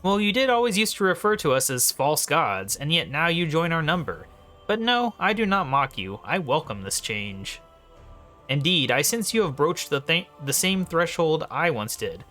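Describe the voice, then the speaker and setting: Scheming mocking god, read out by a gamer, lively and bright. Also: male voice, a little high, moderate pace, faint music behind, voice pushed up. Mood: persuasive. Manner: reads game dialogue in a slightly raised voice. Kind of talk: reading game dialogue aloud.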